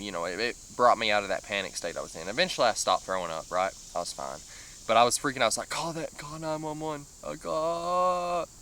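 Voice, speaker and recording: A man with a lowish but bright, forward voice rambles through a personal story in a casual vlog tone. He leans on fillers and lets out nervous little laughs. Faint crickets chirp behind him. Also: a little hiss or hum. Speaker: vlogger.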